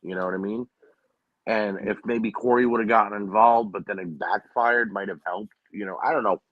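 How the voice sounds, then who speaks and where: A man's voice: fairly low pitch, steady tone, normal speed, no echo, lo-fi sound. A man co-hosting a casual wrestling recap, opinionated and often saying "you know what I mean.". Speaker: podcast co-host.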